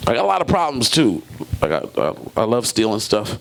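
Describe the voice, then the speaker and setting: A man doing a stand-up comedy set, jokey and animated, acting out characters in loud bursts. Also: on the low side, brisk, creaky. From Brooklyn, New York.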